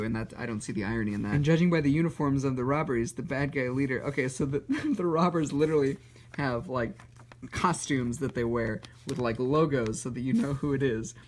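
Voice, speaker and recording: A man talking casually in a comedic vlog, full of sarcastic, self-mocking remarks. His pitch sits in an ordinary middle range, and he keeps breaking into short laughs between dry jokes. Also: a little hiss or hum. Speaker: YouTuber reviewing his childhood drawings.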